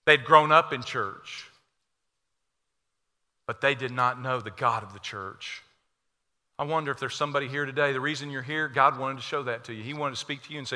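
A man preaching a sermon as a pastor, impassioned, swinging between loud declarations and hushed prayer. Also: medium pitch, normal speed, long reverb tail. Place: church sanctuary.

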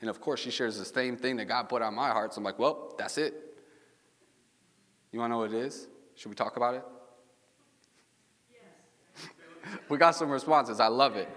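A man's voice: mid-range voice, moderate pace, pauses often, fairly bright tone. A man preaching a casual, chatty sermon, telling stories and asking the congregation questions. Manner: storytelling, chatty, asks the audience questions. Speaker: pastor. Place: church sanctuary with congregation. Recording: long reverb of a large hall.

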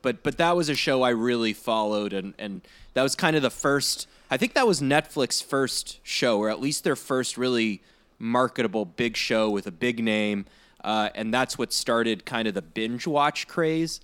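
A man's voice: mid-range voice, moderate pace, a bit bright, clear, resonant tone. A man in casual podcast chat, talking earnestly with many fillers and repeated phrases.

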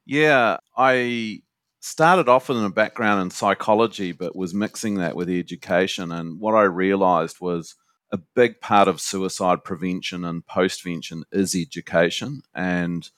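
A man's voice: low-pitched, unhurried, fairly bright tone, no echo, studio quality. A man with a New Zealand accent, a guest academic answering interview questions in an earnest, conversational way. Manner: earnest, with frequent "you know" fillers. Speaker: guest academic and suicide educator.

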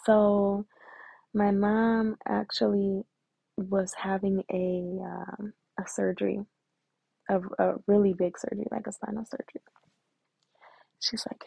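A young woman in her twenties shares her own story in loose, heartfelt talk full of slang and fillers. Her voice is gravelly and husky, with a rough edge. The recording is dull and dry, with no room sound. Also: medium pitch, level tone, normal speed, dry recording. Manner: emotional, candid, filler-heavy slang. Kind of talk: casual personal storytelling.

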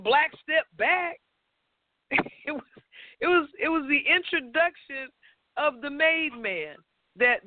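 A woman with a very high voice speaks emphatically in a preacherly way over a call-in line, often repeating words as she builds her point. The sound is dry and tinny, like a phone connection. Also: no echo. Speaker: speaker taking calls on a phone-in program. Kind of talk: call-in talk.

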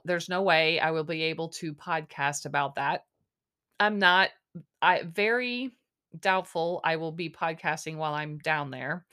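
A woman's voice: fairly low pitch, bright, forceful tone. A woman hosting a podcast, recapping a dating show in casual chat, exasperated and sarcastic with lots of fillers. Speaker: podcast host.

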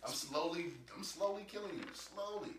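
A man chatting casually, animated and profane, with frequent laughter. He sits a little back from the mic in an echoey room with faint background noise. His voice sits at a middling pitch. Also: normal speed, recorded from a distance. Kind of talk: casual chat.

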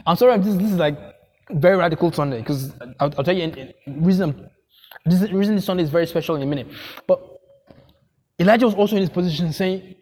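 A man's voice: sits high, quick pace, pauses often, darkish tone, slight background noise. A man preaching a sermon as pastor, emphatic, repeating phrases and asking the congregation questions.

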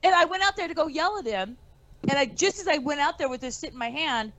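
A woman comedian telling a story on a casual podcast. She is animated and profane, and she acts out the quotes in her story. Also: high-pitched, fast, crowd noise, poor audio. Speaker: comedian guest.

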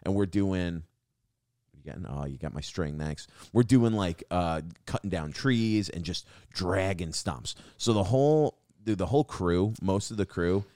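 A man's voice: low-pitched, animated, measured pace, a little mellow, dry recording, clean studio sound. A young man, a guest comedian, telling a long story on a podcast in a casual, profane way and saying "dude" constantly.

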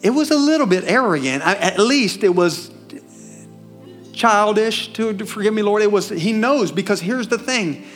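A man preaching a sermon in a church with a Southern US accent, animated, questioning the congregation and swinging between loud and hushed. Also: high voice, moderate pace, soft background music. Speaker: pastor.

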